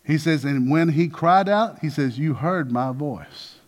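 A man's voice: on the high side, unhurried. A man preaching a sermon, calling out to the congregation and acting out voices of Bible figures. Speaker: pastor.

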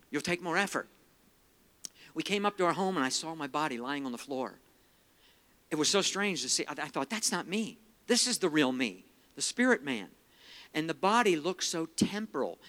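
A middle-aged man preaches with a bright, forceful edge to his voice. He tells personal stories earnestly, weaves in scripture, and sinks to a hushed tone at the solemn moments. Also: fairly high pitch. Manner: earnest storytelling, quotes scripture, drops quiet for emotional parts. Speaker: evangelist speaker. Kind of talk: sermon with personal testimony.

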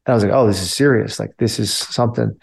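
A man's voice: fairly low pitch, steady tone, fast talker, gravelly. A man and army veteran telling a story casually, filling his talk with "like" and "you know". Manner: loose, filler-heavy talk with many "like" and "you know".

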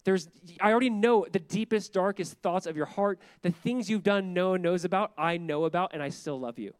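A pastor delivering a sermon in a bright, high male voice, pressing his points through repetition. He talks in a casual, animated way and laughs readily as he goes. The sound is dry, with almost no room around it. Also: a little fast, clear, resonant tone, no echo. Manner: animated, conversational preaching with emphatic repetition; laughs often while speaking.

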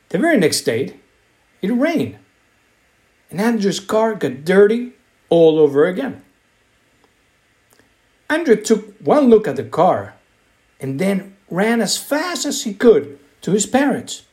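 A man reads a children's story aloud, slow and expressive. His voice sits a little high for a man and swings widely in a sing-song style.

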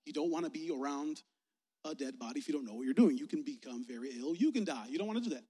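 A man preaching a lively, joking youth sermon in slangy talk, acting out little voices as he tells stories. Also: fairly high pitch, fast, breathy edge. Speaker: youth pastor. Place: church sanctuary. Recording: long reverb of a church sanctuary.

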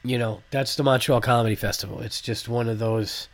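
A man's voice: mid-range voice, fairly quick. A man hosting his own comedy podcast with a congested, sick voice, rambling casually with fillers, swearing freely and getting fired up as he talks. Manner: animated, profane, rambling with fillers. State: congested from a cold. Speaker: podcast host, stand-up comedian. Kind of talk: casual solo podcast monologue.

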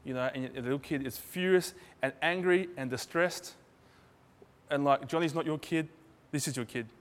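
A man's voice: fairly high pitch, moderate pace. A man preaching a sermon in a loose, conversational way, acting out little dialogues in different voices. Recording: hall reverb.

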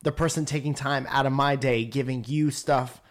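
A man speaks at an ordinary pitch in casual conversation. He drops dry, wisecracking asides as the talk goes on. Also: steady tone, normal speed. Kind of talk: casual chat.

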